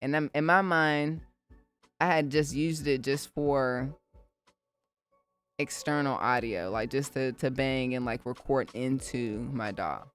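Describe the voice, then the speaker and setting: A woman with a bass voice takes her time as she hosts a live music-production stream. Animated and talkative, the beatmaker speaks casually and directly to her audience.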